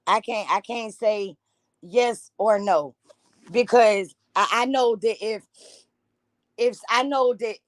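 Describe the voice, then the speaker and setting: A woman's voice: a little high, slow, long pauses, no room sound. A woman from Jacksonville, reacting to a news clip in a blunt, heated, profane rant. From Jacksonville, Florida.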